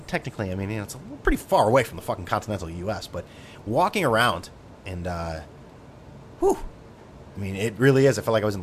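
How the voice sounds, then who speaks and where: A man's voice: lowish voice, a little hiss or hum. A man hosting a podcast, talking in a sardonic, profane, rambling monologue full of tangents. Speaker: podcast host.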